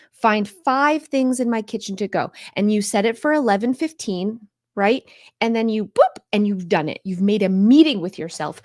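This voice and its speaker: A woman's voice: medium pitch, darkish tone, no room sound, clean studio sound. A woman hosting a live stream on home organizing, talking straight to her viewers in an upbeat, coaxing way and answering their questions.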